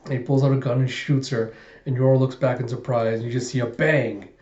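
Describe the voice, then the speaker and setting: A man's voice: medium pitch, brisk. A man hosting a casual manga reaction review, retelling scenes with animation. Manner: animated retelling, laughing along. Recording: echoey room, dull sound.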